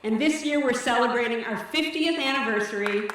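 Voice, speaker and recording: A woman directing a teen services program, giving an earnest, measured speech at a benefit event on stage. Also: on the high side, very noisy. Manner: earnest, measured, slightly breathless delivery. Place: event stage in a large hall. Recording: echoey hall from far off.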